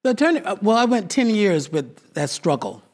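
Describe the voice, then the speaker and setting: A man who founded a theatre troupe tells stories from his career in an interview, with a voice that sits fairly high for a man. He is an animated storyteller and acts out the voices of the people he quotes. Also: moderate pace.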